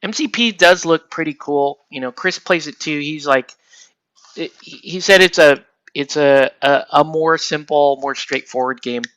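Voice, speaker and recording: A man hosting a casual livestream, rambling excitably and laughing often while he paints miniatures. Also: on the high side, moderate pace, smooth, no echo, lo-fi sound. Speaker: livestream host.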